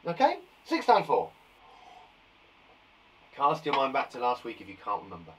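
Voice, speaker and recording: A man's voice: medium pitch, wildly swooping pitch, normal speed, long pauses, slight background noise, poor audio. A man from England teaching a live online maths lesson to young children, counting aloud and encouraging them with chatty asides. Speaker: primary school teacher.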